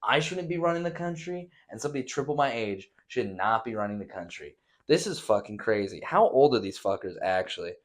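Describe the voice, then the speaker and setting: A young man hosts a loose, casual podcast, reading a news piece aloud and then tearing into it with swearing and mocking put-on voices. His voice sits at a middling pitch, and his delivery swings between flat reading and shouted outrage. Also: a little fast. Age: young adult. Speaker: podcast host. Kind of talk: casual rant reacting to news.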